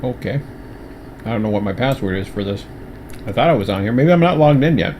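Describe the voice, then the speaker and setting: A fairly low-pitched man talks to his stream viewers in a loose, rambling way, restarting sentences and filling gaps. He chews as he speaks now and then. A faint air-conditioner hum sits behind him. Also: lively intonation, a little fast, a little mellow. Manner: rambling, many restarts and fillers. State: talking with mouth full. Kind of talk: casual livestream chat.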